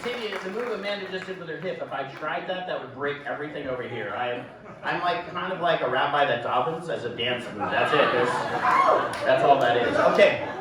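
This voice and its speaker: A man running a sideshow act in a live venue, cracking self-deprecating jokes at a volunteer as he works. His voice sits a little back from the mic and rings around a very echoey room. A steady noise hangs behind him. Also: fairly high pitch, fairly quick, distant mic, over a noisy crowd. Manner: joking, self-deprecating, rambling patter. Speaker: sideshow performer. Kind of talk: live stage patter with a volunteer. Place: live show venue with audience.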